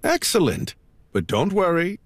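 A man's voice: high-pitched, huge pitch swings, measured pace, no echo, full character voice. A man playing a quirky English teacher, theatrical and playful in an audio drama.

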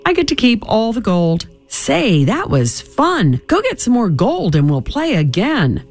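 A man's voice: extremely high pitch, wildly swooping pitch, a little slow, soft background music, pitched above the performer's own voice, full character voice. A man reading a storybook aloud and voicing a clever, cheerful hero who coaxes and teases a goblin in a playful manner. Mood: coaxing. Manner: bright, coaxing and playful.

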